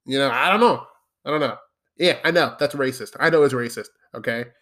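A man's voice: mid-range voice, brisk, fairly bright tone. Profane, laughing man telling a story. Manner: profane, laughs often, acts out others' lines. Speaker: podcast host telling a story. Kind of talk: casual comic storytelling.

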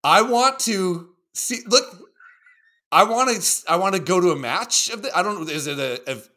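A man co-hosting a casual livestream, reacting to videos in an animated, joking and profane way. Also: high voice, moderate pace. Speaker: co-host.

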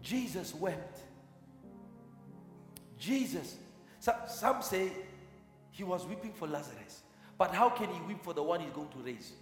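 A man with a high voice delivers a fervent sermon, repeating key lines and slipping into tongues. His voice rings through a large room with a long, echoing reverb. Faint music plays underneath. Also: expressive, unhurried, pauses often. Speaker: preacher. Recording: echoey hall with long reverb.

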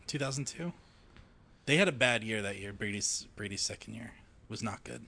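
Male guest, bright forceful tone, eager and chatty. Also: on the low side, normal speed, creaky, slightly rough. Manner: eager, enthusiastic recollection. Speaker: podcast guest, sports fan. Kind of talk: casual chat.

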